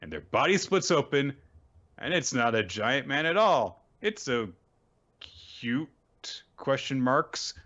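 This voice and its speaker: A man's voice: medium pitch, big pitch swings, slow pace, fairly bright tone, muffled recording. Wry, offhand man recapping manga. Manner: offhand, profane, wry, lots of fillers. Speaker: host of a manga recap show. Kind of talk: casual recap commentary.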